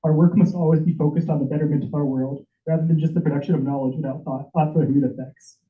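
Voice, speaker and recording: Fast, emotional man in an echoey hall. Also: on the high side, steady tone. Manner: urgent, emotional, with stumbles and repeats. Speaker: public commenter at senate meeting. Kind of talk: impassioned prepared speech. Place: meeting hall. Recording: echoey room over tinny phone-like audio.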